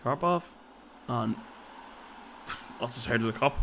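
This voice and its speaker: Casting: man, mid-pitched, chatty let's-play commentary, thinking out loud. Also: measured pace, vocal fry, long pauses, a little hiss or hum. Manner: chatty, thinks aloud, tags lines with "so it did" and "like". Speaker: video game player and commentator. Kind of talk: casual gaming commentary.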